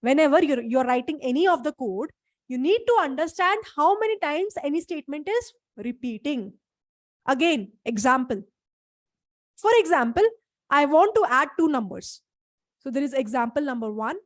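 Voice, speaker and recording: In a live online class, a high-pitched female instructor lectures at a moderate, expressive pace. She walks through each point step by step, pausing often to make sure her students are keeping up. The audio is close and dry, with no room echo.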